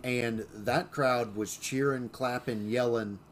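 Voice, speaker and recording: A man of middle pitch co-hosts a casual podcast conversation. He tells stories loosely, full of "uh"s, "you know"s and restarts. A faint hiss sits under the recording. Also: steady tone, takes it slowly. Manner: storytelling, many fillers and restarts. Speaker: podcast co-host. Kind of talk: casual chat.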